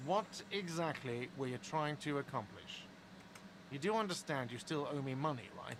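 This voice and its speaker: A man's voice: mid-range voice, animated, moderate pace, background noise, close to an everyday voice. A man voicing an exasperated male manager in a video game, speaking curtly. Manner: curt, exasperated.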